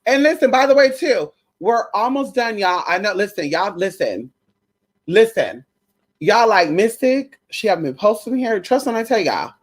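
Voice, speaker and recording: A woman's voice: mid-range voice, moderate pace. A woman hosting a casual spiritual livestream, calling her viewers honey and y'all. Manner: animated, calls viewers honey and y'all, baby talk to crystals.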